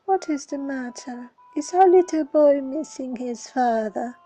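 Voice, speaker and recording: A woman's voice: fairly high pitch, animated, a little slow, dark tone, husky, full character voice. A woman voicing a mocking, sarcastic ghost child in a storybook reading. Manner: sarcastic, taunting.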